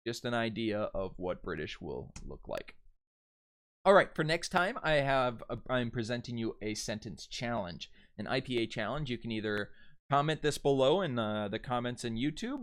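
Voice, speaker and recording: A young man giving a casual video lesson on phonetics and dialects, relaxed and chatty, with fillers and restarts. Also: mid-range voice. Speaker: dialect coach.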